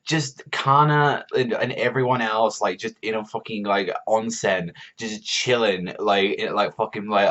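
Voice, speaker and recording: Man, lowish voice, casual ranting review, heavy swearing, lots of fillers, muffled lo-fi sound. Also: moderate pace, fairly bright tone. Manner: profane, rambling, heavy use of filler words. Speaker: manga reviewer. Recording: dull lo-fi recording.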